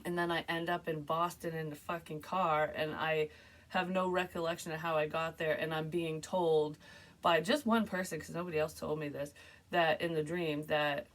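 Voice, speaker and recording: A woman's voice: low voice, normal speed. A woman psychic casually retelling a strange dream to camera, rambling, swearing and filling with "like". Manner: rambling, animated, swears freely, frequent "like" fillers. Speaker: psychic medium sharing a dream.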